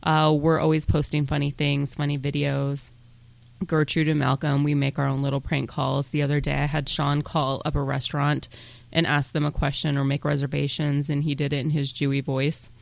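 A man's voice: fairly high pitch, completely flat delivery, normal speed, creaky, no room sound. A man hosting a podcast, chatting casually and plugging the show between jokes. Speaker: podcast host.

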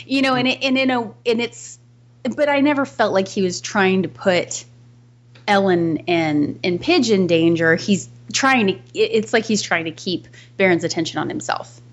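A woman's voice: medium pitch, normal speed, muffled recording. A woman co-hosting a podcast in casual film discussion, thoughtful, restarting her sentences and laughing between points. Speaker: podcast co-host.

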